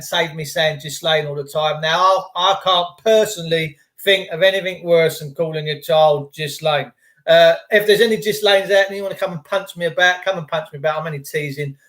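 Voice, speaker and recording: A man's voice: high-pitched, fairly bright tone. A middle-aged English man ranting casually to live-stream viewers in a blunt, sweary, conspiratorial way.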